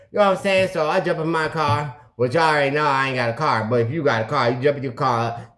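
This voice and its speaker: Recorded on a video camera, this recovery channel host speaks a little fast in a voice on the high side. His storytelling is casual and animated, full of acted-out phone calls, sound effects and repeated "you know what I'm saying."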